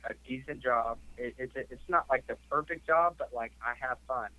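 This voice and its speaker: Man, podcast host, casual storytelling, rambling filler words, mid pitch, muffled lo-fi recording. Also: normal speed. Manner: rambling, heavy on "like" and "you know".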